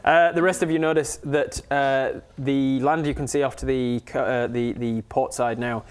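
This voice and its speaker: A man's voice: medium pitch, steady tone, normal speed, smooth. Rambling man running a tabletop game. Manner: rambling, many fillers, laughs easily. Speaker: game master.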